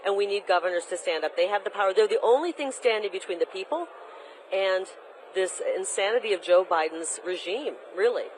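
A woman's voice: medium pitch, a little fast, slight background noise, low-quality recording. A woman running for governor, giving emphatic, combative answers in a political interview. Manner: emphatic, combative, delivers campaign talking points. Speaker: candidate for governor, interview guest.

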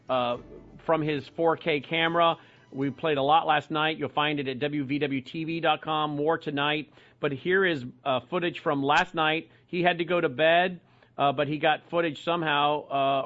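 Man, call-in talk show host, brisk, somewhat high pitch, dull broadcast audio. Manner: brisk, reads out web addresses and phone numbers. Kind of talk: talk radio hosting with call-ins.

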